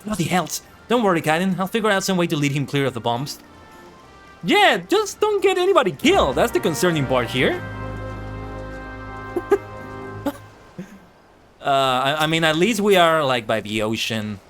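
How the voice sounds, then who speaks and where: An excitable man reacting to a video game on a live stream, often laughing and swearing with delight. His voice sits fairly high and swings widely in pitch. Faint game music runs behind him. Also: moderate pace, long pauses.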